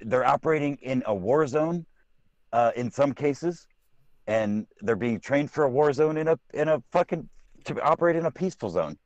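A man's voice: medium pitch, lively intonation, moderate pace, darkish tone, no echo, dull audio. A man co-hosting a casual political podcast, blunt and profane, often restarting his sentences. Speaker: podcast co-host.

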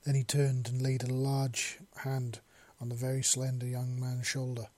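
A man narrating a story in a steady storytelling manner. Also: medium pitch, normal speed. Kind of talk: audiobook narration of fan fiction.

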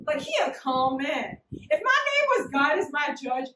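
A woman's voice: sits high, measured pace. Young woman preaching, jokey and slangy, kinda far from the mic in an echoey room, faint hiss. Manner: animated, slangy, acts out little scenes. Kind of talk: casual, humorous sermon.

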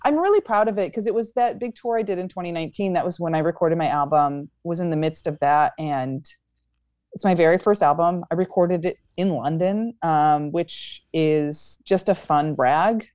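Brief: young woman comic, lowish voice, dry close sound, upbeat and rambling. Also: moderate pace, a little mellow, dry recording. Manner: upbeat, many fillers and restarts. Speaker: stand-up comedian guest. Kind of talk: casual interview chat.

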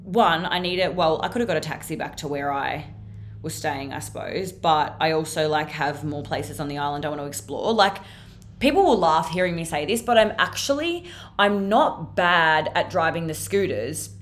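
A young woman with a fairly low-pitched voice hosts her podcast solo, telling a story as casual chat. She talks in a loose, chatty flow, full of fillers and frequent swearing. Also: animated, moderate pace, a little hiss or hum. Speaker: podcast host.

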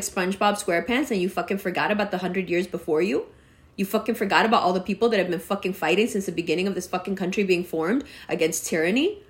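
A woman in her forties delivering a profane, exasperated rant that scolds her listeners. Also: medium pitch. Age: 40s. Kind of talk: ranting monologue.

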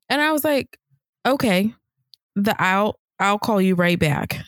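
Lively woman telling a story. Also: unhurried, dry recording, studio quality. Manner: animated, acts out quoted people in higher voices. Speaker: podcast co-host. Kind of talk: casual storytelling chat.

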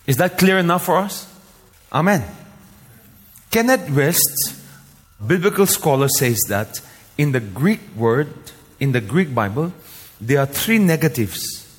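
A man's voice: medium pitch, breathy edge. A man from Northeast India preaching a sermon as a pastor, emphatic, repeating key lines with rising force. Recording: long hall reverb.

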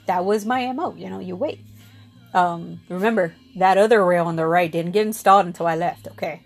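A woman's voice: lowish voice, fairly quick, vocal fry, soft background music. A middle-aged woman candidly recounting childhood memories in a rambling, casual way. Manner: candid, rambling with restarts and fillers. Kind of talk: personal storytelling.

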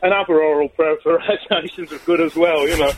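A man's voice: fairly high pitch, steady tone, brisk. A man calling a radio show, rambling and hesitant as he explains. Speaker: caller. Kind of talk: phone-in call. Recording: tinny phone line with faint noise.

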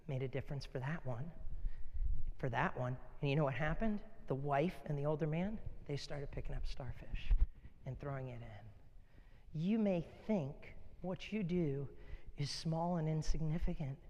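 Male pastor preaching, high voice, gets loud then drops to near whispers, long hall reverb. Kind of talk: sermon.

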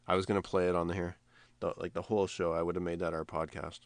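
A very deep-voiced man chatting casually as a podcast co-host. He rambles and restarts, getting animated as he tells a story. The sound is dry and close. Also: fast talker, clean tone, dry recording. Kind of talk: casual chat.

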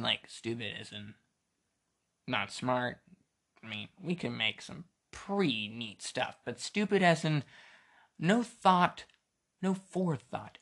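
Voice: mid-range voice, fairly bright tone. A podcast host with an American accent ranting casually and alone, joking and wandering off on tangents. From United States. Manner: rambling, jokey, sidetracks and interrupts itself. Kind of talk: casual opinion rant.

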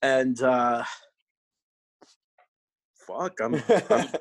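A man talks in loose, animated podcast chat, cursing freely and restarting his sentences. He sounds like a personal trainer, straight-talking and sore from a workout. His voice sits in an ordinary middle register. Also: medium pitch, very slow, slight background noise. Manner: blunt, swears constantly, animated.

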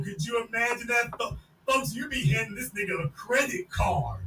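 A podcast host, a man, loudly mocking a video in casual commentary and repeating his points. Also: very high-pitched, animated, normal speed. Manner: mocking, loud, repetitive. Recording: echoey room, distant mic, faint noise.

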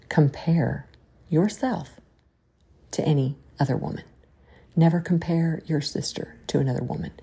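A woman with a Southern drawl hosts a faith-based encouragement talk in a folksy, exhorting way. Her voice is low and mellow, with a husky grain. She sounds gravelly at the bottom of her range. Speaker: podcast host.

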